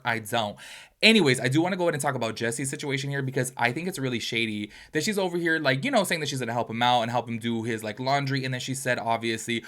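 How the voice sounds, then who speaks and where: Guy doing gossip commentary, talks super fast, bright punchy voice. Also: mid-range voice. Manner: animated, chatty, rapid-fire opinions. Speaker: commentary channel host.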